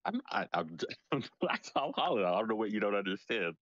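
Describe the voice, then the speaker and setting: Here a man plays a brash, boastful stand-in for a celebrity in an improvised comedy bit, with a very deep voice. The recording is dry and a bit dull. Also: sing-song, brisk, a bit bright, no echo. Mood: joking.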